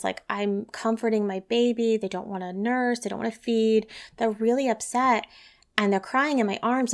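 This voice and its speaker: Woman, podcast host, conversational, earnest, reassuring, often asks "right?", mid-pitched voice. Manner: earnest and reassuring, lively emphasis. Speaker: podcast host, parenting educator. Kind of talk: solo podcast talk.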